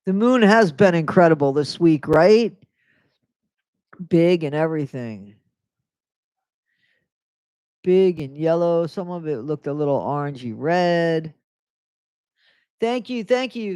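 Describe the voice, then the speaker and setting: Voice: medium pitch, lively intonation, slow, pauses often, a little mellow, smooth, dry recording. A live-stream host chatting casually on a new microphone at home, rambling between topics and reading viewer comments aloud. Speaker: livestream host.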